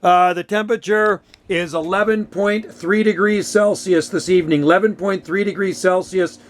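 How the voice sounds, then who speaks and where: A man's voice: sits high, fairly even intonation, moderate pace. A man chatting casually over ham radio from his home radio shack, friendly and full of radio lingo. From Canada. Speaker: radio operator.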